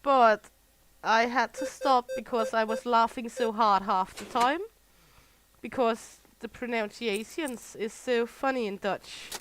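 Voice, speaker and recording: Over poor audio with some hiss or hum, a woman from Southern Jutland in Denmark streams a game and chats away. Her voice is a little high, fairly bright, and steady, she takes it slowly, and she laughs a lot as she rambles.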